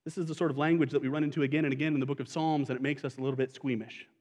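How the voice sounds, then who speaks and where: A man's voice: medium pitch, steady tone, rapid-fire, darkish tone, long reverb tail. A man preaching a sermon as pastor, talking conversationally and asking the congregation questions.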